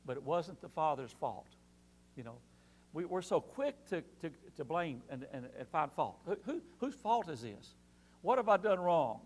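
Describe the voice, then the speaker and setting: A man's voice: on the high side, sing-song, normal speed, a little hiss or hum. A man teaching a Sunday Bible class in an earnest way, repeating key phrases for emphasis.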